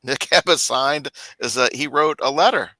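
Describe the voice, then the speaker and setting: A man's voice: mid-range voice, moderate pace. A man in casual chat on a live stream, telling stories and mimicking others. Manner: animated storytelling, mimics others in raised voice.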